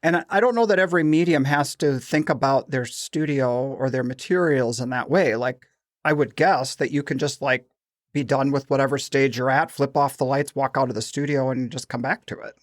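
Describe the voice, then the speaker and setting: A middle-aged man from Minnesota, a glass blower co-hosting a podcast, telling stories in a chatty, animated way with quoted dialogue. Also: mid-range voice, moderate pace, no echo, clean studio sound. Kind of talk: casual chat.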